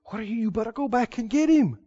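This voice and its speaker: A preacher voicing a sly male devil who whispers doubts, hushed and insistent. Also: extremely high pitch, lively intonation, fast, dull audio. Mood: needling.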